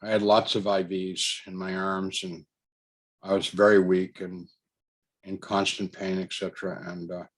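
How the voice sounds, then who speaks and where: Man, lowish voice, casual rambling storyteller who chuckles between thoughts. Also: level tone, unhurried. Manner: rambling, with many fillers and restarts. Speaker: storyteller recounting a personal experience.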